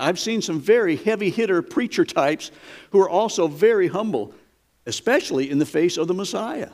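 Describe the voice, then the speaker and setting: Guy giving a sermon, folksy and emphatic, voice a bit on the high side. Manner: emphatic, folksy, with dramatic quoted lines. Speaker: preacher.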